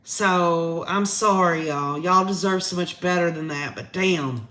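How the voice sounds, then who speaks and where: A woman's voice: on the low side, unhurried, pushed and bright. A woman with a Southern American accent hosting a casual livestream, chatting straight to her viewers. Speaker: livestream host. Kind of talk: casual live commentary.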